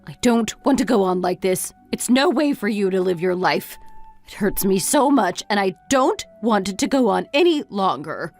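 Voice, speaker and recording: Reproachful mom, mid-pitch, lively inflection; actress. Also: female voice, moderate pace, faint music behind. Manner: reproachful, lecturing. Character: bitter, reproachful middle-aged mother. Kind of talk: scripted text-story drama.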